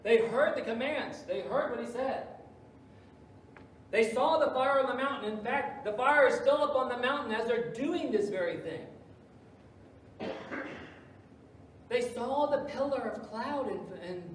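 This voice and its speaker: A man preaching a sermon as pastor, swinging between loud emphasis and hushed asides. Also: extremely high pitch, heavy reverb, distant mic, slight background noise, poor audio. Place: church sanctuary.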